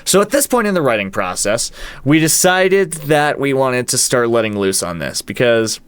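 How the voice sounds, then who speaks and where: A man's voice: medium pitch, very animated, normal speed, clear, resonant tone, dry recording. A man who is a band's producer and guitarist, casually walking through how a song was made and counting out its beats aloud. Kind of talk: casual walkthrough of a song's production.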